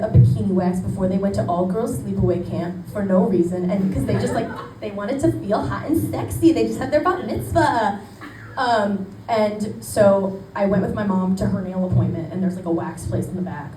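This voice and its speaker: A young woman doing a self-deprecating stand-up set in a small club, with laughter behind her. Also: medium pitch. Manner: chatty, self-deprecating, animated quoting. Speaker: stand-up comedian. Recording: echoey club, mic at a distance, noisy. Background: audience laughter.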